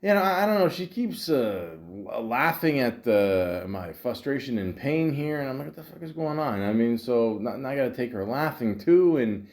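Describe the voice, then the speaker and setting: A man's voice: mid-range voice, lively intonation, moderate pace, hardly any pauses, a little mellow. A man hosting a podcast, telling a frustrating dating story in a rambling, casual way, full of fillers and quoted back-and-forth. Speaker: podcast host. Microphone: podcast microphone.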